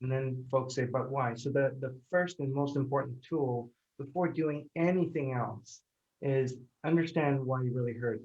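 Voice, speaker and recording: A pain psychologist explaining his approach in conversation, hesitant and full of fillers and restarts. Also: medium pitch. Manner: halting, many fillers and restarts. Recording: dull lo-fi audio.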